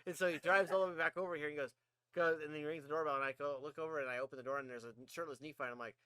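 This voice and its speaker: A man's voice: fairly high pitch, fairly even intonation, rapid-fire, bright, forceful tone, clean tone, no room sound. A man co-hosting a podcast, chatting casually, laughing often and swearing as he rambles through stories. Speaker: podcast co-host. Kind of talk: casual chat.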